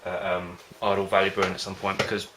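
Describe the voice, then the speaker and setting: A man's voice: sits low, completely flat delivery, fast talker, background noise. A man vlogging about home brewing in a casual, rambling way, often hesitating and losing his thread. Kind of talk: casual rambling chat to camera.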